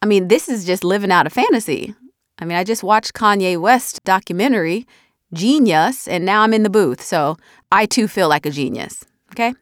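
A woman's voice: mid-range voice, normal speed, no room sound. Chatty woman author, dry booth sound. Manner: animated, chatty, drops softly at the ends of thoughts. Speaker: author talking about her audiobook. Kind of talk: casual reflective chat. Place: recording booth. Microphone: studio mic.

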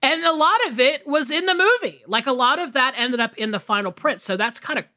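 A woman's voice: high-pitched, lively intonation, a little fast, sharp tone. A woman co-hosting a movie podcast, chatting casually and rambling with lots of fillers. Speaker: podcast co-host.

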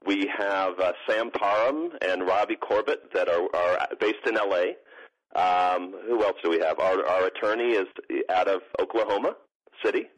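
Rambling man, lowish voice, radio interview. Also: moderate pace, dull audio. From grew up partly in Morocco. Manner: rambling, many restarts and fillers, chuckling. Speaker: guest, parkour organization co-founder. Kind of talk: casual interview chat.

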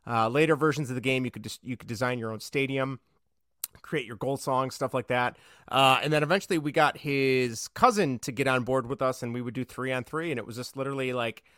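A man co-hosting a sports podcast in casual chat, talkative and quick to laugh. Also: medium pitch, pushed and bright, no room sound, clean studio sound. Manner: chatty, laughs easily, restarts often. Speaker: podcast co-host.

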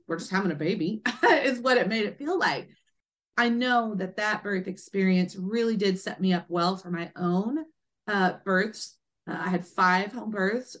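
A woman guest, an author and doula, telling a personal story with animated energy and acting out quoted speech. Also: mid-range voice. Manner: lively, acts out quoted speech in a raised voice.

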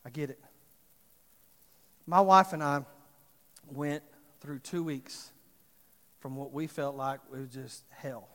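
A man's voice: medium pitch, steady tone, slow pace, pauses often. A man preaching a storytelling sermon, acting out the voices of the people in his stories. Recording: reverberant hall.

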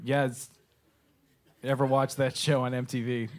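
A man's voice: medium pitch, flat delivery, a little slow, noisy background. A man doing stand-up crowd work on a club stage, teasing the audience in a wry, self-deprecating way. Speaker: stand-up comedian.

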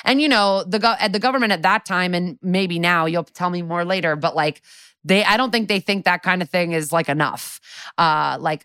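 A woman's voice: lowish voice, normal speed, fairly bright tone, clean tone, no room sound, studio quality. A woman co-hosting a podcast, casually recapping a TV episode in a chatty way, laughing often, swearing, and quoting characters in her own voice. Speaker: podcast co-host.

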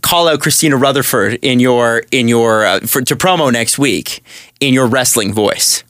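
A man's voice: mid-range voice, normal speed, a bit bright, dry recording, clean studio sound. A man co-hosting a podcast in casual chat, playful and teasing as he wraps up the episode. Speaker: podcast co-host.

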